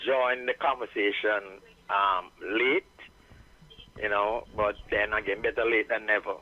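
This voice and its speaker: A man calling in to a radio show, talking slowly and loosely with many fillers. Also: on the low side. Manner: slow, relaxed, full of fillers. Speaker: caller joining the show. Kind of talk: casual radio chat. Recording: dull lo-fi sound.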